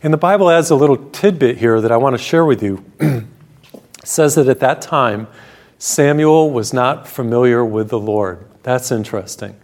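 A priest preaching on his television program. His voice sits at a middling pitch for a man, and he tells Bible stories in a warm, storytelling way, slowing down when he reads scripture. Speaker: Catholic priest and TV program host. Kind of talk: televised sermon.

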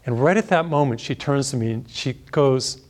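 A man's voice: mid-range voice, moderate pace, darkish tone. A middle-aged male priest preaching a sermon as a conversational story, chuckling now and then.

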